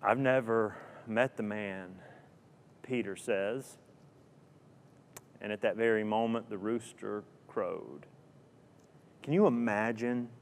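A male preacher tells a story slowly and dramatically, piling up rhetorical questions and dropping to a hush at key moments. His voice has a middle pitch, and a long reverb trails each phrase as if in a large hall. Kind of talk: sermon storytelling.

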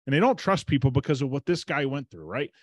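A man's voice: mid-range voice, very animated, quick pace, dry recording. Chatty male podcast host, dry sound. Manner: chatty, emphatic, retells conversations with quoted dialogue. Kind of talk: casual storytelling monologue.

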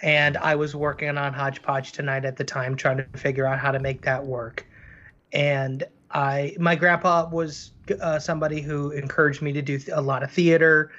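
Guy telling stories on a podcast, earnest, highish voice, kinda muffled lo-fi audio. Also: little pitch movement, normal speed, pushed and bright. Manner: earnest, storytelling, lots of fillers. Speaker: cartoon creator, guest. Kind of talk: casual podcast conversation.

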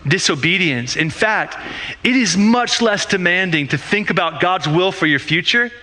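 A pastor delivers a sermon in a loose, conversational style. He uses rhetorical questions and often restarts his sentences. His voice sits high and rings very bright.

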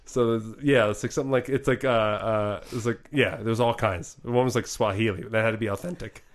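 A man's voice: lowish voice, steady tone, brisk. A man co-hosting a comedy podcast who tells rambling stories with many fillers. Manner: rambling storyteller, frequent fillers. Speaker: podcast co-host, comedic actor. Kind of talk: casual comedy chat.

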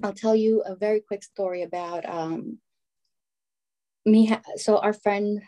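A woman in her thirties telling stories in casual conversation, animated and acting out what others said. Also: medium pitch, unhurried. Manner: animated storyteller, acts out quotes.

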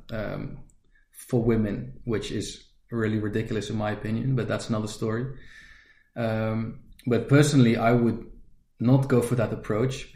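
Podcast guest, casual chat, calm and reflective, warm dark tone, echoey room. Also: mid-range voice.

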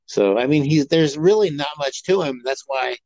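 A man's voice: fairly high pitch, moderate pace, darkish tone, no echo, lo-fi sound. A man co-hosting a podcast, chatting casually and rambling with many fillers and restarts. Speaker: podcast co-host. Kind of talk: casual chat.

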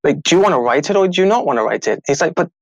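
Lively man telling stories on a podcast. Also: fairly high pitch, racing, dry recording, dull audio. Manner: animated, acts out quoted voices, laughs often. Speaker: podcast guest, author. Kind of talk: casual interview storytelling.

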